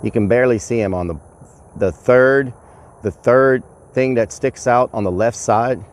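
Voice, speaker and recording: A man livestreaming outdoors, chatting excitably to his viewers and calling them y'all. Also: medium pitch, unhurried. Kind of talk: casual outdoor livestream chat. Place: outdoors at a rural property.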